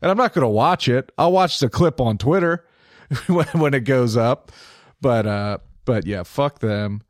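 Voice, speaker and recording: A man's voice: mid-range voice, measured pace, dry recording, clean studio sound. A young man co-hosting a casual sports podcast, blunt and sarcastic, swearing often. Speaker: podcast co-host.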